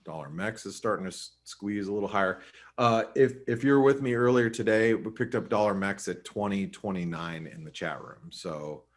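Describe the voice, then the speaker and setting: Low-voiced man giving casual chart commentary. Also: normal speed. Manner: casual, chatty, talks straight to viewers; frequent restarts and filler. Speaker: host and market analyst. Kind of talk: live webinar chart commentary.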